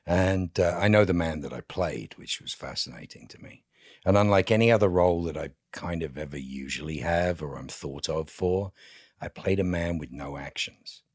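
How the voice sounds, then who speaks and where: A man's voice: sits low, normal speed, no room sound. A man being interviewed on a podcast in a studio, telling candid stories in a wry way. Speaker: guest actor. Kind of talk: casual interview chat.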